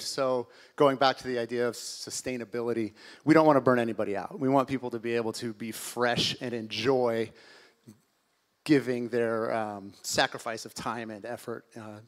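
A man who is a church worship director, speaking with wry, self-deprecating humor at a service. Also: mid-range voice. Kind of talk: church announcement interview.

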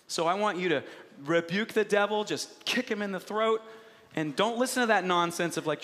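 A man in his thirties preaching a sermon, animated, acting out voices and swinging between hushed and loud. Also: high-pitched, moderate pace, big-room sound. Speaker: pastor.

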